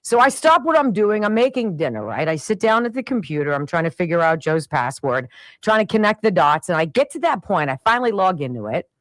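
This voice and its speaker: A middle-aged woman hosts a radio show, spinning a family story in a low-pitched voice that swings widely up and down. She talks in an exasperated, animated way and acts out the other people's lines. The sound is close and dry. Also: brisk, dry recording. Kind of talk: storytelling monologue.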